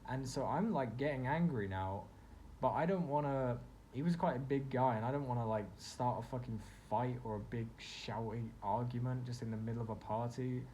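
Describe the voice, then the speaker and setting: A young man tells a personal story to camera in a loose, rambling way, leaning on lots of likes and you-knows. His voice sits at an ordinary middle pitch, and a faint hum of background noise runs under the recording. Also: moderate pace, mellow. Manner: rambling, filler-heavy, self-reflective. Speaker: vlogger. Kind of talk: casual storytelling monologue.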